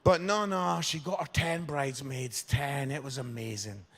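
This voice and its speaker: Jokey gravelly man in his fifties preaching. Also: medium pitch, normal speed. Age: 50s. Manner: animated, jokey, crowd-engaging. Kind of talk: humorous sermon storytelling. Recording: long hall reverb.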